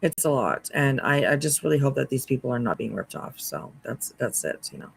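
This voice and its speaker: A commentary host talking wryly over a livestream, hesitant with many pauses and restarts. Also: medium pitch, big pitch swings, creaky, breathy edge, low-quality recording.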